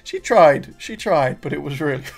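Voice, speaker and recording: A young man from England hosting a casual vlog review, chatty and animated, laughing often and trailing off into fillers. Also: a little high, normal speed, gravelly. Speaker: reaction channel host.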